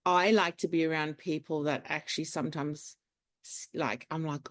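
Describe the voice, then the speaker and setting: A woman, a clinic owner talking as a podcast guest, animated, acting out the voices in her stories. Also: low voice, moderate pace. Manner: animated storyteller, acts out quotes. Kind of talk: casual interview chat.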